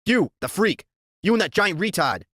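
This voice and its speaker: A man's voice: high voice, very animated, normal speed, fairly bright tone, slightly rough, no echo, studio quality, voice pushed up, full character voice. A man doing a sneering teen gang leader. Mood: taunting. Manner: taunting, menacing.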